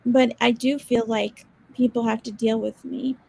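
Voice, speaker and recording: A woman's voice: fairly high pitch, little pitch movement, a little slow, creaky, darkish tone, breathy edge, rough recording. A young woman co-hosting a podcast, speaking hesitantly with self-doubt, her sentences trailing off. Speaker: podcast co-host. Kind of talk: heartfelt casual chat.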